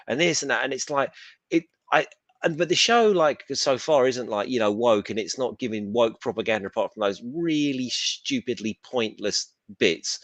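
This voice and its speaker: A man with an English accent co-hosting a casual pop culture chat, blunt and animated, slipping into silly voices to mimic characters. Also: mid-range voice, unhurried, dry recording. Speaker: co-host.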